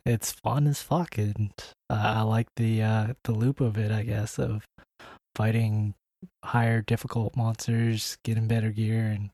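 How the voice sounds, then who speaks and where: Low-voiced, hesitant podcast co-host. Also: male voice, flat delivery, measured pace, warm tone, no room sound. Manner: hesitant, lots of filler words, low-key. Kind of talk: casual podcast chat.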